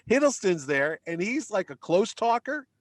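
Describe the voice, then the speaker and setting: A middle-aged man from Connecticut, a podcast guest, telling a casual anecdote in an animated way and acting out the people in it. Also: high-pitched, a little slow, no echo. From Connecticut, United States. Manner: animated anecdote-teller who acts out the other people in his stories. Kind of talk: casual storytelling.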